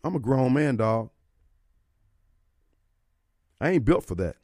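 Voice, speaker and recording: A man's voice: medium pitch, lively intonation, fairly quick, warm tone, no room sound, studio quality. A man hosting a radio talk show, preaching his opinions and firing off rhetorical questions. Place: radio studio. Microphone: studio microphone.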